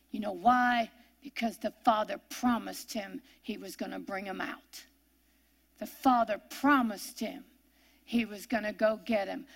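A woman teaching a sermon, reading scripture slowly and phrase by phrase, dwelling on each word. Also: a little high, gravelly. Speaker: Bible teacher.

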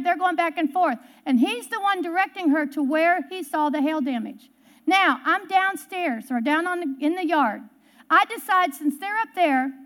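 A middle-aged woman preaching, telling a personal story and acting out the quotes. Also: high-pitched. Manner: animated storyteller, acts out quotes. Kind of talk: storytelling sermon.

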